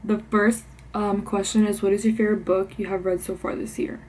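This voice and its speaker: A young woman talks books in a bubbly, chatty way, a bit out of breath and full of fillers. Her voice sits at a middle pitch. Faint ambient noise hums behind her. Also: level tone, a little fast, darkish tone, rough recording. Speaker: book vlogger. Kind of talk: casual chat. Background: faint ambient noise, passing car.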